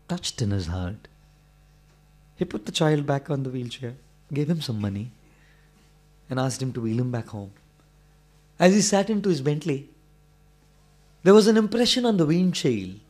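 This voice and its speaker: Man telling a dramatic story. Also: a little high. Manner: dramatic, animated storytelling with sound effects. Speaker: spiritual speaker. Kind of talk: storytelling talk. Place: live talk before an audience in England.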